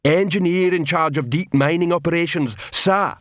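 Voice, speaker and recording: Guy doing a dim proud troll guard, raised voice, slow broken grammar, pretty dry sound. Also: a little high, fairly bright tone, no room sound, pitched above the performer's own voice, close to an everyday voice. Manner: slow, simple grammar, eager to please.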